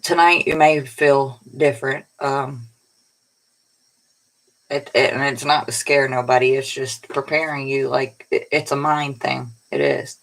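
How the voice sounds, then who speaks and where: A woman's voice: extremely low pitch, steady tone, unhurried, low-quality recording. A woman tarot reader giving a casual, rambling spiritual pep talk in a colloquial way, sounding tired. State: tired, yawning.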